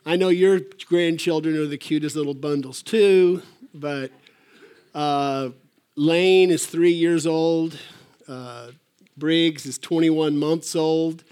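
A man's voice: on the high side, steady tone, slow pace, a little mellow, clean tone. Older male pastor, folksy sermon. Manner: folksy, rambling, with hesitant fillers and restarts. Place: church.

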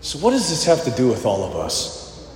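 A male pastor preaching a sermon in a church, swinging between loud emphasis and hushed moments. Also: medium pitch, huge pitch swings, moderate pace, a little hiss or hum. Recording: echoey hall with faint ambience.

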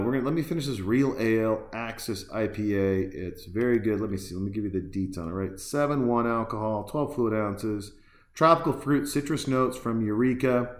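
A man hosts a podcast of casual chat, rambling loosely with lots of fillers and restarts as he reacts to a film while drinking beer. His voice is on the low side and sounds reverberant.

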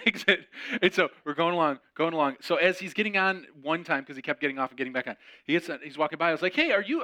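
Guy preaching on his podcast, tells a story, bright voice, does all the voices. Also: fairly high pitch. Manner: animated, acts out quoted voices. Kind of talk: storytelling sermon.

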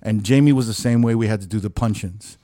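A man's voice: lowish voice, fast talker, warm tone, no room sound, studio quality. A man hosting a casual chat, laughing often and swearing casually as he plays back recordings. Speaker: podcast host playing back recordings.

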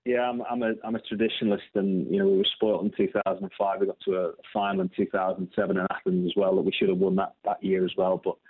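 A man's voice: sits low, flat delivery, fast, hardly any pauses, slightly rough. A man, a phone-in guest on a casual radio interview, rambling and repeating words as he goes. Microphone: telephone. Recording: tinny phone line.

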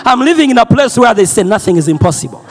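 A Ugandan male preacher delivers a loud, energetic sermon, repeating phrases and drawing call and response from the congregation. His voice is high-pitched and quick, with a little hiss or hum in the audio.

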